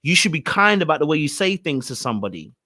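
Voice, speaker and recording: Animated man reacting. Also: fairly high pitch, fast talker. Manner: animated, exclaiming, repeats phrases. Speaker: reaction channel host. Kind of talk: reacting to a reality show.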